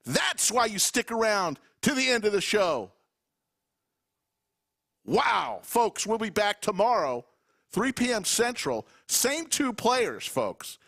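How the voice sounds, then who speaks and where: A man commentating live poker play-by-play, excited and out of breath, calling out to viewers. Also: high-pitched, slow, gravelly. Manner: excited, emphatic calls to viewers.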